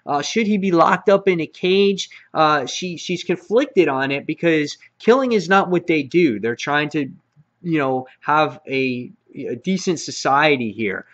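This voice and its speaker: A man's voice: on the high side, expressive, measured pace, a bit bright, dull audio. A man hosting his own comic book review channel, talking casually with lots of fillers and restarts. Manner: rambling with frequent fillers and restarts.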